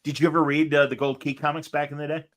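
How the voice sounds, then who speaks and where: A man hosting a casual interview show, chatty and enthusiastic, often pausing on fillers as he talks. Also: on the high side, level tone, fairly bright tone. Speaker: host.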